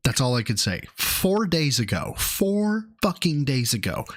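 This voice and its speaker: A man in casual stream chat, telling a story excitedly and swearing freely. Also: medium pitch, a little slow. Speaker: streamer guest.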